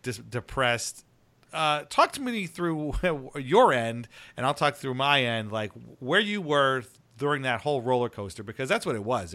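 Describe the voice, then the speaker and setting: A man's voice: medium pitch, bright, forceful tone. A man hosting a casual sports podcast, talking loosely with lots of fillers and little laughs. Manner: conversational, filler-heavy, laughs while talking. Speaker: podcast host.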